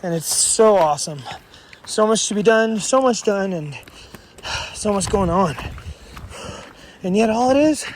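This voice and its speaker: Vlogging hiker from washington, unhurried and amazed, outdoors with a faint hiss. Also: mid-range voice, animated. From Washington state. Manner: awestruck, exclaims often, rambling. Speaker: long-distance hiker. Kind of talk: walking trail vlog, thinking aloud. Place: outdoors on a mountain trail.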